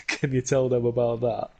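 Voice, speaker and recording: A young man, co-hosting a casual podcast chat in a relaxed, hesitant way with many pauses. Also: mid-range voice, low-quality recording. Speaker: podcast co-host.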